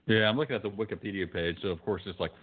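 A man's voice: lowish voice, rapid-fire, slightly rough. A man co-hosting a podcast in casual chat, dry and profane, reading lookups aloud. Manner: dry, swearing, reads search results aloud. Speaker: podcast co-host. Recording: phone-like narrow sound.

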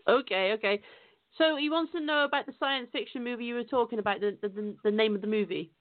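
A woman's voice: a little high, fast talker, no echo. A woman with a British accent hosting a radio interview, politely relaying questions to her guest. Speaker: radio host. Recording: dry phone line.

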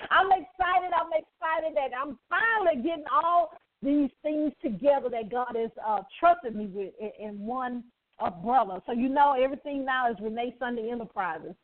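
A woman's voice: sits high, moderate pace. A woman hosting a Christian radio talk show, exuberant and preachy, laughing often and calling out "amen". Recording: tinny phone-like line.

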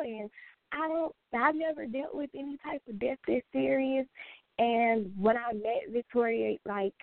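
A woman's voice: fairly high pitch, a little slow, vocal fry, no echo. A young woman talking as a guest, giving a heartfelt tribute to her best friend and repeating herself for emphasis. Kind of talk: emotional tribute in a talk show. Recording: tinny phone-line sound, dry.

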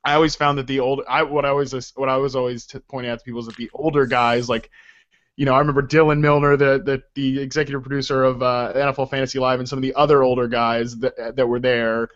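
A man's voice: mid-range voice, level tone, quick pace, fairly bright tone. A man hosting a casual podcast conversation, rambling with many restarts. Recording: dull, muffled lo-fi sound.

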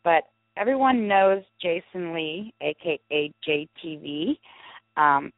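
A woman co-hosting an internet radio talk show, from the St. Louis area, reading announcements briskly and chatting casually. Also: lowish voice, dry recording. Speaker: show co-host. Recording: tinny phone-line audio.

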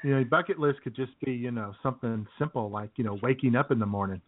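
A man's voice: mid-range voice, quick pace, no room sound. A man hosting a radio talk show, talking in a laid-back way full of "you know" fillers. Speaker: host. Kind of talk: casual radio banter. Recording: dry, tinny phone-like sound.

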